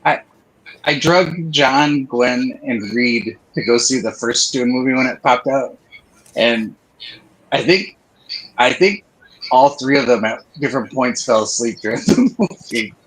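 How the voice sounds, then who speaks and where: A man's voice: medium pitch, unhurried, a bit bright, husky, rough recording. A man chatting on a drawing livestream, easygoing and full of anecdotes. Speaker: artist co-host. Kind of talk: casual storytelling chat.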